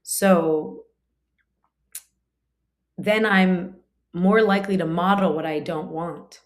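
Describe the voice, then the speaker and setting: A woman with a fairly low voice leads a relaxed scripture class. She talks in a loose, conversational way, leaning on filler words and homely examples from family life. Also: takes it slowly. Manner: conversational, frequent 'like' fillers; explains through everyday family examples. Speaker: spiritual teacher.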